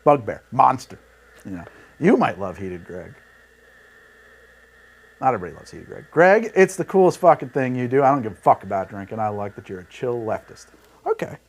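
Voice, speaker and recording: This male livestream host speaks in a mid-range, sing-song voice that's a little fast and slightly rough, with long pauses. Mixing drinks as he goes, he rambles in a heated, casual way, swearing and laughing a lot. The sound comes from a studio mic routed through a mixer rig.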